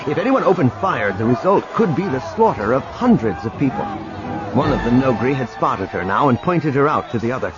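Expressive male audiobook narrator. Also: mid-range voice, fairly quick. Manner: dramatic, expressive reading. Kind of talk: scripted narration. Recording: dull lo-fi recording with music.

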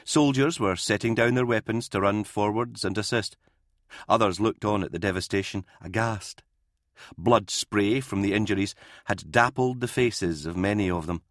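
A male audiobook narrator with a lowish voice, reading in a measured, grave storytelling manner. The recording is close and completely dry. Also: fairly bright tone, dry recording. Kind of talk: scripted narration.

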